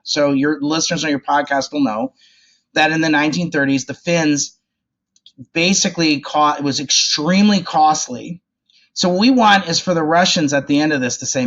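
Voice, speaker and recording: A man speaking as a guest expert in a podcast interview, animated and informal, acting out quoted remarks. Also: on the high side, fairly quick. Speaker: guest, development policy expert. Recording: dull lo-fi audio.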